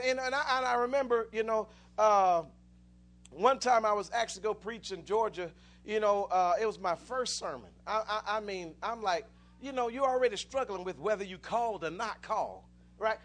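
A man's voice: high voice, normal speed, fairly bright tone. A man preaching a sermon, telling stories with many restarts and rising into fervent exclamations.

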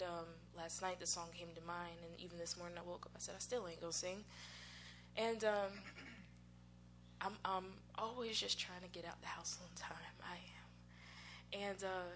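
A woman's voice: lowish voice, little pitch movement, normal speed, noisy background. An American woman speaking in church, sharing a personal testimony in a candid, conversational way and laughing at herself. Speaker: church musician and worship singer. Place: church sanctuary. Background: music.

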